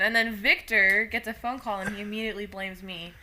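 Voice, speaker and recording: A woman's voice: mid-range voice, fairly even intonation, quick pace, few pauses, pushed and bright, a little hiss or hum. A woman guesting on a casual podcast, talking with dry, wry humor.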